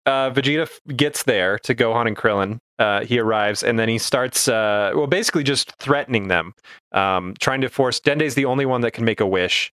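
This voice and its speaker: A man's voice: mid-range voice, normal speed, fairly bright tone, clean tone, no room sound. A man co-hosting a casual podcast, retelling scenes in an easygoing, plain way with short agreeing replies. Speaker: podcast co-host.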